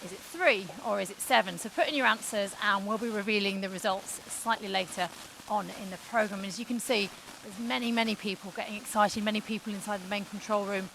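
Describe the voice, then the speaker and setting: A woman's voice: mid-range voice, brisk, vocal fry, a bit bright, slight background noise, low-quality recording. A woman presenting a live broadcast, upbeat and chatty as she guides viewers on a walk through a busy mission-control building.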